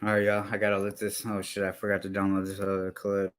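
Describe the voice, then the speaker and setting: A man's voice: deep voice, monotone, fast talker, hardly any pauses. A man hosting a livestream, ranting with heated, profane commentary into a headset mic.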